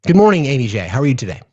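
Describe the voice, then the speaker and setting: Husky, heated, profane male livestream host. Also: medium pitch, mellow, lo-fi sound. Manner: profane, heated, repeats himself. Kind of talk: angry political rant on a livestream.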